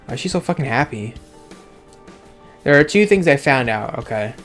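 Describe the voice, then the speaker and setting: A man's voice: mid-range voice, expressive, moderate pace, fairly bright tone. A man giving casual, sarcastic commentary with frequent swearing as he reacts aloud to a game's dialogue. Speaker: let's play gamer. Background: faint game music.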